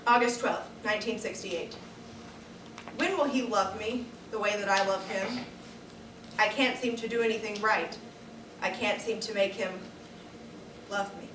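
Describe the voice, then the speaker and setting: A woman performing a first-person dramatic monologue in a measured, reflective manner, like reading from a diary. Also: mid-range voice, steady tone, background noise. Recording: echoey room, distant camera mic.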